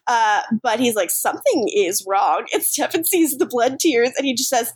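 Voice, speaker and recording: A woman's voice: fairly high pitch, normal speed, breathy edge, no echo. Laughing woman recapping a show. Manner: animated, laughing often, acts out quoted lines. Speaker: podcast co-host recapping episodes. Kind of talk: casual chat.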